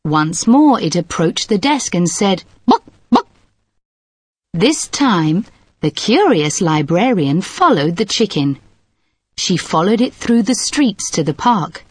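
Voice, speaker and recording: A woman tells a short story slowly and calmly. Her voice moves through a lively range of pitch. The sound is dry, recorded close. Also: slightly rough, no echo. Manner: calm storybook telling. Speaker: narrator. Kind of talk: scripted story narration.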